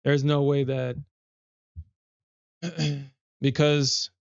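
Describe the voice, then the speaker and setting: A man's voice: fairly high pitch, little pitch movement, extremely slow, dry recording, muffled recording. A man hosting a trading livestream, chatting casually in a rambling way with many restarts and self-corrections. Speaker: livestream trader host.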